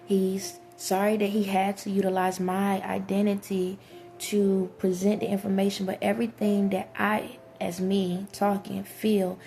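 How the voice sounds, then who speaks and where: A woman vlogger with a low, gravelly voice gives a flat, earnest spiritual monologue at a measured pace, rambling and addressing viewers directly. A little hiss or hum sits in the background.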